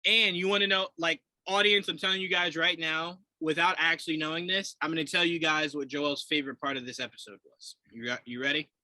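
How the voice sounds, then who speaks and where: A man co-hosting a podcast in casual chat, animated and laughing often as he acts out quotes. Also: fairly high pitch, fairly quick, hardly any pauses, no room sound, low-quality recording. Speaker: podcast co-host.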